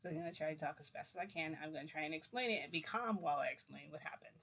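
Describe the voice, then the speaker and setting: A woman's voice: low voice, very fast, vocal fry, fairly bright tone, slightly rough. Chatty young woman telling a story. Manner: rambling, chatty, full of "like" fillers. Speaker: vlogger. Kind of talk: casual storytelling to viewers.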